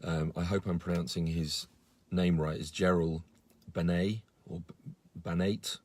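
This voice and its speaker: A man's voice: low voice, flat delivery, moderate pace. A man giving a casual live-stream update to followers, earnest and indignant, with many fillers and restarts. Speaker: campaigner on a live video.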